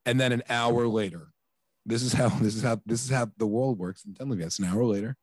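This podcast co-host, somewhere in his thirties or forties, has a slightly rough mid-range voice and speaks a little fast. Chatting casually over studio-quality audio with no echo, he relates a family story, exasperated and animated, acting out what people said.

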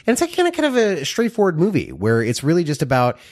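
A man co-hosting a casual movie podcast, rambling and halting, with many fillers. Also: a little high, wildly swooping pitch. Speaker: podcast co-host. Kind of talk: casual film review chat.

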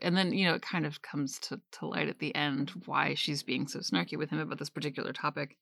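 Brisk and creaky-voiced, a woman in her 30s co-hosts a casual book-discussion podcast, barely pausing as she talks. She's animated and performs quotes in a raised, higher voice. The studio-quality recording has no room sound.

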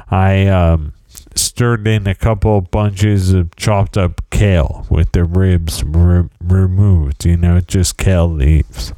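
A middle-aged man talks slowly and at length, rambling through self-deprecating stories on his own podcast. His voice sits a little low, with a mellow, smooth tone. The sound is dry and close, with no room around it. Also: no room sound. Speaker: podcast host. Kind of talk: casual solo monologue.

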